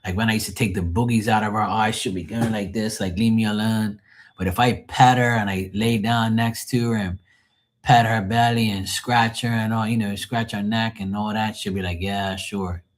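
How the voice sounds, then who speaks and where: A man's voice: fairly low pitch, fairly even intonation, moderate pace. A man hosting a live tarot stream, chatting casually in a rambling, profane, joking way.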